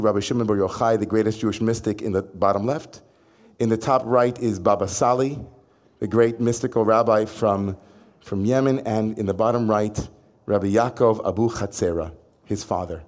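A man, a rabbi, telling a personal story in an animated, dramatic way. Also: lowish voice.

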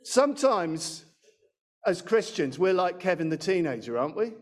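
High-voiced preacher, chatty. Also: male voice, very animated, normal speed. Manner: chatty, self-deprecating, with acted quotes. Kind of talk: sermon. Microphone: handheld microphone.

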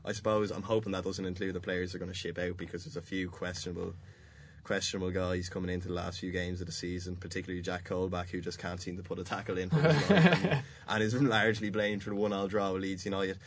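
A man with a lowish voice hosts a football podcast from a studio. His delivery is loose and conversational, and he laughs as he talks. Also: fairly even intonation, quick pace. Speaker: podcast host. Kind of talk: casual sports chat.

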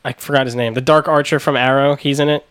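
A man's voice: mid-range voice, fairly even intonation, fast talker, fairly bright tone, clear, resonant tone. A young man co-hosting a casual podcast chat, swearing often and stumbling over restarts. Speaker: podcast co-host.

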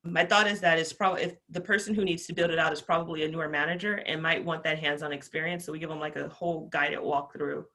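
A woman guest on a podcast interview, talking about customer service with passion, energetic and chatty with plenty of fillers. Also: deep voice, fast talker, few pauses.

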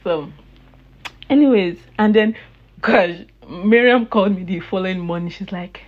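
A woman's voice: medium pitch, moderate pace. Laughing woman telling a story, lo-fi. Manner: chatty, laughs often, animated retelling of dialogue. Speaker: podcast host. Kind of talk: casual storytelling monologue.

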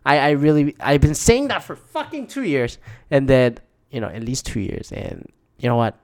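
A man's voice: medium pitch, expressive, moderate pace, no echo, clean studio sound. Rambling, foul-mouthed man talking solo. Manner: rambling, profane, restarts often. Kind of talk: casual solo monologue.

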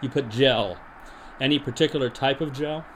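A man hosting a podcast, deadpan and rambling with many restarts, in an improvised comedy monologue and mock interview. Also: medium pitch, normal speed, a little hiss or hum. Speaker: podcast host.

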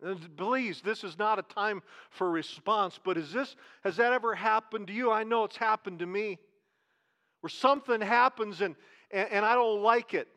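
High-voiced pastor preaching conversationally. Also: male voice, sharp tone. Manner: conversational preaching, asks the congregation questions, slows down for emphasis. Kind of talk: sermon.

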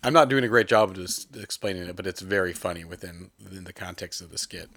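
Low-voiced man in rambling film chat. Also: fast, dry recording. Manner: animated, rambling, acts out voices in anecdotes. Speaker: podcast co-host.

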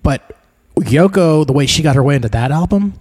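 A man's voice: on the high side, lively intonation, brisk, darkish tone, husky. A man co-hosting a podcast, chatting casually and explaining album facts in an easygoing way. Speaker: podcast co-host presenting the album.

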